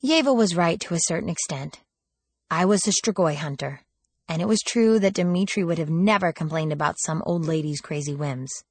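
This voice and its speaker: A woman's voice: fairly low pitch, normal speed, a little mellow, dry recording, studio quality. A woman reading a first-person audiobook in a wry, sardonic storytelling manner, lifting her voice for quoted lines. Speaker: audiobook narrator.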